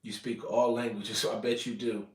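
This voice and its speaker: A man's voice: medium pitch, little pitch movement, moderate pace. An American man chatting casually on a livestream, rambling and often repeating words as he corrects himself. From United States. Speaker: vlogger. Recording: roomy sound, mic at a distance.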